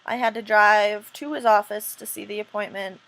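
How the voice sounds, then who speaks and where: A woman's voice: mid-range voice, steady tone, moderate pace, a bit bright, rough recording. A woman vlogger telling a personal story in a casual, rambling way, full of restarts and "um"s, earnest and indignant. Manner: rambling, self-interrupting retelling with frequent "um".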